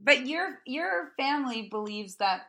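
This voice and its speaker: A woman's voice: high-pitched, expressive, measured pace, bright, forceful tone. A woman co-hosting a podcast, chatting casually and encouraging her co-host to share stories. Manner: encouraging, prompts the guest to tell stories. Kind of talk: casual chat.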